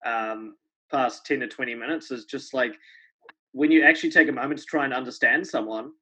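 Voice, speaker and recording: A man's voice: mid-range voice, brisk, pushed and bright, slightly rough. A man hosting a podcast, speaking earnestly and reflectively, often adding "right?" as he talks. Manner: earnest, reflective, many tag questions. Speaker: podcast host. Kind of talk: podcast interview. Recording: dull lo-fi podcast sound.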